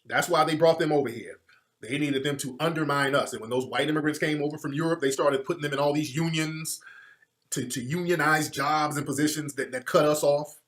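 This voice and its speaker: A man delivering a heated, profanity-laced monologue as a commentator. His voice sits a little high for a man. He hammers his points home with preacherly repetition, rising into loud bursts and then dropping to a low mutter. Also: fairly quick. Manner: emphatic, swings between loud outbursts and low muttering. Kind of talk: impassioned monologue.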